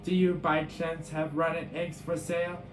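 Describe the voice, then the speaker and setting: A man's voice: a little high, flat delivery, moderate pace, close to an everyday voice. A man voicing a grouchy male monster who loves filth, speaking in a mock-polite way. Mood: sly. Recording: echoey room with guitar music.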